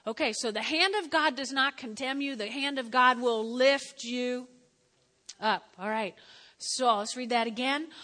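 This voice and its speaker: A woman preaching a sermon, animated and stretching out her emphatic phrases. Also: high voice, a little slow. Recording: reverberant hall.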